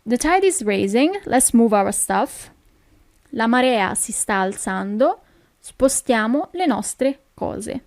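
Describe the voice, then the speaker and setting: An Italian-accented woman giving a recorded language lesson, her voice sitting fairly high. She talks slowly and patiently, pausing to check that the listener follows, and the sound is dry and close with no room around it. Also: expressive, darkish tone, no room sound. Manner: patient explaining, often checks with "okay?". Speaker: language teacher.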